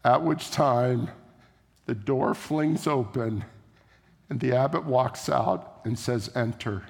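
A man's voice: mid-range voice, slow, vocal fry. A man preaching a sermon in a church, telling a story in a conversational way. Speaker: pastor. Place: church sanctuary. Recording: echoey church hall.

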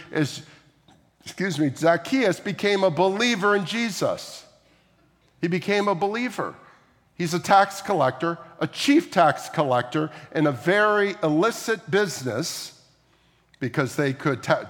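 A man's voice: on the high side, fairly bright tone. A man preaching a sermon as a pastor, talking through scripture in a conversational way, with frequent asides and questions to the listeners. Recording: long hall reverb.

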